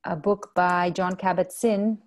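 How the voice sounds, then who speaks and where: A woman whose first language is Spanish, chatting gently in an interview about mindfulness, pausing often to correct herself. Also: on the low side, steady tone. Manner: thoughtful, self-correcting, gentle. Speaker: guest, mindfulness mentor. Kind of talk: casual interview chat.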